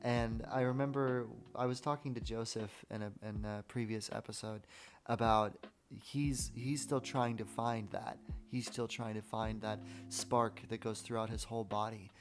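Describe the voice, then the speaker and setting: A man hosting a podcast, chatting casually and telling stories in a relaxed way. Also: lowish voice, normal speed. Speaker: podcast host. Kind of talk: casual conversational interview.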